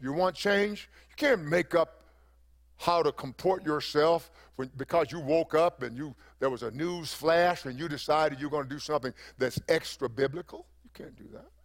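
A man's voice: fairly high pitch, normal speed. A man preaching a sermon as pastor, emphatic and repeating phrases for effect.

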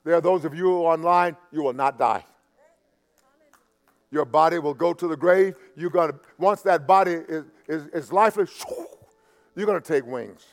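A man preaching a sermon to a church and online audience. He talks conversationally, stammers and repeats himself, and swings from loud emphasis to quiet asides. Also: on the high side, normal speed. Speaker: pastor. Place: church sanctuary. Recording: long hall reverb.

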